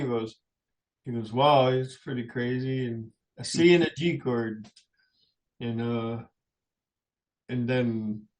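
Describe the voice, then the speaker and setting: Middle aged guy on a radio show telling his life story, rambly, keeps chuckling, normal pitch. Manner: rambling anecdotes with frequent chuckles. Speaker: musician guest. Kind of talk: personal storytelling in a radio interview. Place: radio studio.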